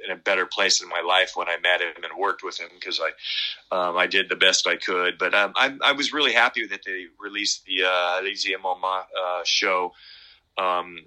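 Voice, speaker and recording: A middle-aged man talking in a casual interview, rambling and halting with many fillers and restarts. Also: deep voice, fairly even intonation, sharp tone, rough recording. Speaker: guest musician.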